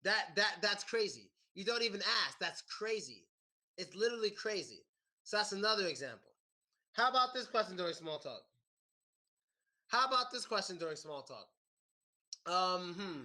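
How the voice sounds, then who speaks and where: High, bright-voiced American man teaching class. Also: normal speed, pauses often. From United States. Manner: animated, repeats questions to a live class. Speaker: English teacher. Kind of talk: classroom lesson.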